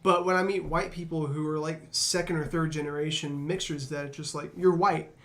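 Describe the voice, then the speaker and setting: A man's voice: on the high side, steady tone, brisk, fairly bright tone. A man hosting a casual discussion, reflective and storytelling, with frequent fillers. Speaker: podcast host.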